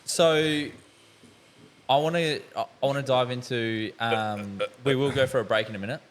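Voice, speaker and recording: A man's voice: mid-range voice, normal speed. A young man, hosting a podcast and telling rambling, sweary stories in casual chat. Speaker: podcast host.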